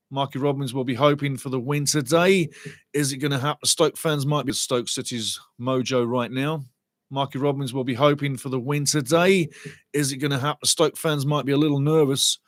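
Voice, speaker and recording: A man hosting a live football watchalong, giving rambling, chatty match commentary and shouting out to viewers in the chat. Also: medium pitch, no echo. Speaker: watchalong host.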